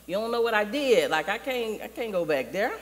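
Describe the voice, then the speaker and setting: A guilty, stubborn young lion who talks in casual slang, as a high-voiced preacher puts him on. The voice rings with a long church-hall reverb. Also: male voice, big pitch swings, a little fast. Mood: reluctant.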